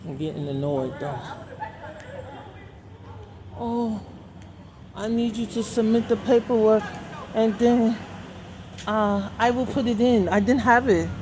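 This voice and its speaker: A woman's voice: on the high side, slow, long pauses, a crowd in the background. A woman vlogging casually while walking outside, talkative and sarcastic, in street slang. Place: city street outdoors, traffic passing. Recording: noisy city street.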